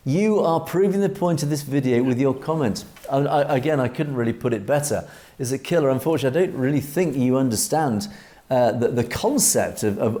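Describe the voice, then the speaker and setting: A man's voice: medium pitch, lively intonation, fairly quick, mellow. A man with an English accent co-hosting an opinionated commentary talk show, speaking emphatically, reading out viewer comments and often restarting his phrases. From Europe. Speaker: co-host.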